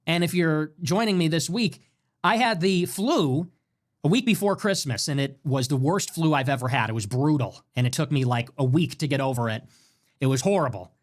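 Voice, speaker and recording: A man holds forth on his livestream in a loud, emphatic rant, swearing freely as he goes. His voice sits a touch high for a man, and he pushes through even though he is sick with a fever. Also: normal speed. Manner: animated, emphatic, swears often. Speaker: livestream show host. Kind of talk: ranting livestream monologue.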